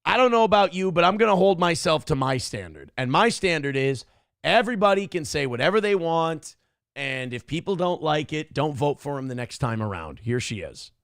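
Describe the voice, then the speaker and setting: A man's voice: on the high side, sing-song, moderate pace, a bit bright, dry recording, clean studio sound. A male show host giving blunt, profane, mocking commentary on a livestream.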